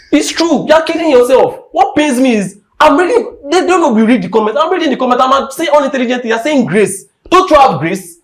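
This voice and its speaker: A young Nigerian man hosting a podcast, ranting with heat and emphasis, driving his points home by repeating them. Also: sits high. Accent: Nigerian English. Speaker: podcast host. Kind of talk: impassioned rant.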